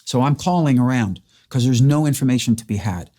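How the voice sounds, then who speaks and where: Male host, mellow tone, earnest and emotional storyteller in a relaxed sit-down chat. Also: mid-range voice, brisk. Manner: earnest, emotional retelling with restarts. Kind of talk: casual interview storytelling.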